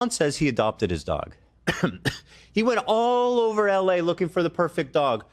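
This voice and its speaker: A man's voice: high voice, sing-song, normal speed. A man streaming, talking in a sarcastic, mocking way about someone else. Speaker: streamer in a played clip.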